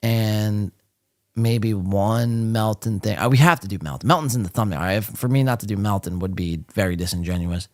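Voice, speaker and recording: A man's voice: lowish voice, normal speed, darkish tone, no room sound, clean studio sound. A man hosting a live podcast, talking casually with blunt sarcasm and frequent swearing. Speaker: podcast host.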